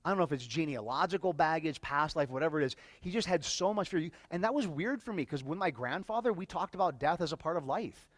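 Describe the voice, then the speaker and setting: A man speaking to a live audience as a workshop speaker, telling a personal story in an emotional, halting way and often repeating words. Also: a little high, lively intonation, dry recording.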